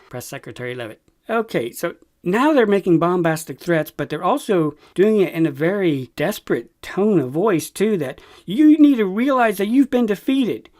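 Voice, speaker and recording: A man's voice: on the high side, darkish tone. Man giving emphatic news commentary. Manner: reads news quotes then comments emphatically. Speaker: Christian commentary host. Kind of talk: news commentary read-through.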